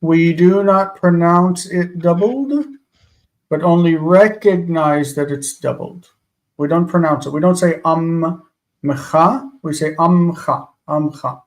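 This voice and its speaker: A man co-teaching on a live call speaks through an earpiece. His voice sits a little high for a man. He explains patiently and corrects points precisely. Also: a little slow, a little mellow, poor audio.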